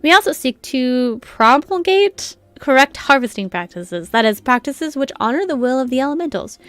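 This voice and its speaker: A woman's voice: high-pitched, very animated, normal speed, fairly bright tone, no echo, pitched above the performer's own voice. A woman reading as a long-winded guild lecturer. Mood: lecturing. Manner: chatty, lecturing reading of game dialogue. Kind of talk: reading game dialogue aloud.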